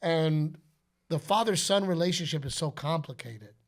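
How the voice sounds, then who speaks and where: A middle-aged podcast host with a slightly high voice talks at normal speed. He spins stories in casual chat, animatedly acting out quotes and announcer calls.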